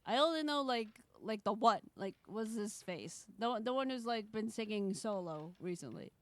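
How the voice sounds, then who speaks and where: A woman in lively casual chat, excitable and rambling, with frequent swearing. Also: medium pitch, moderate pace, crowd noise. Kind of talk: casual chat while reading a game.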